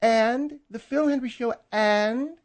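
A man's voice: extremely high pitch, takes it slowly, voice pushed up. A man voicing a fussy, bossy woman producer who nags and interrupts, in a comedy radio sketch. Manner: nagging, interrupting, prim.

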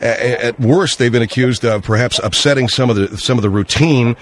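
A man's voice: medium pitch, fairly quick, slight background noise. A man hosting a call-in radio show, cutting in with pointed questions and pushing back on his guest. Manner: interrupting, pressing questions. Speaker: radio talk show host.

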